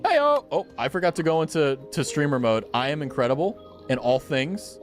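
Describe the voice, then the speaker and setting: A man's voice: on the high side, very animated, brisk, faint music behind. A man streaming a game, chatting casually and playfully stumbling through foreign words with frequent giggles. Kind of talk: casual live game commentary.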